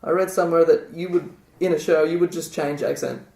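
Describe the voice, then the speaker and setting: A man's voice: fairly high pitch, steady tone, fairly quick, creaky, a little mellow, far from the mic. A man hosting a casual podcast interview, chatty, trailing off, with many fillers. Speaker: podcast host. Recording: roomy echo.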